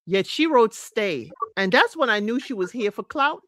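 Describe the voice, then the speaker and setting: A woman giving a chatty, animated recap of a reality show, talking straight to her viewers. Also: fairly high pitch, normal speed, dry recording. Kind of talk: casual recap commentary.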